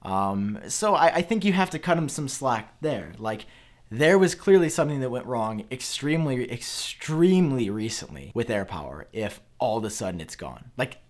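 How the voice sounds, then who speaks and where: A young male tech vlogger talking straight to his viewers in an earnest, rambling way. He fills his talk with "uh" and "like" and restarts his sentences, in a mid-pitched voice. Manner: earnest, rambling, with fillers and self-corrections. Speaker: tech YouTuber. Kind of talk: talking-to-camera tech commentary.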